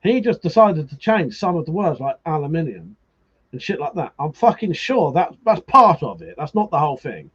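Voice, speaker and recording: A man hosts a casual live stream, swearing freely and laughing as he stirs up his viewers. His voice is a little husky and sits fairly high, and the audio sounds slightly muffled. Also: big pitch swings, normal speed. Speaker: livestream host.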